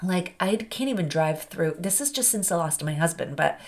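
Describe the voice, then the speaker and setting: A woman's voice: on the low side, animated, a little fast. A woman hosting a podcast, speaking candidly and from the heart in a personal monologue, with a rambling, conversational flow. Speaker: podcast host.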